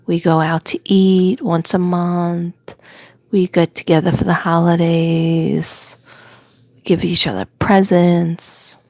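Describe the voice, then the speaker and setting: A woman's voice: lowish voice, a little mellow, no room sound. An older woman with a New York accent, chatting casually and telling rambling stories on a livestream. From Staten Island, New York. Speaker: livestream host. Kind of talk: casual chat.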